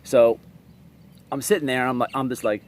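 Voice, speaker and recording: A man's voice: mid-range voice, steady tone, moderate pace, heavy background noise. A man vlogging to camera, telling stories from his own life in a blunt, streetwise, profane way. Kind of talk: casual storytelling to camera.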